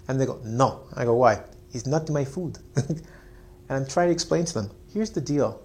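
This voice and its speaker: A Canadian man with a mid-range, darkish voice teaches an energetic online English lesson. He acts out students' lines with big jumps in his voice and laughs often.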